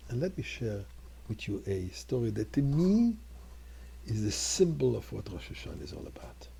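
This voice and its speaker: Older rabbi with a gravelly, husky voice. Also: male voice, fairly high pitch, mellow. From Montreal. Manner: earnest, rising to fervent exclamations. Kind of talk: storytelling sermon.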